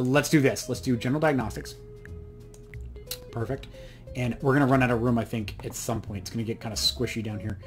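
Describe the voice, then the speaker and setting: This let's play host is a young man who rambles and jokes with himself while playing, tossing in self-deprecating asides in casual commentary. He speaks at a medium pitch with a fairly bright tone.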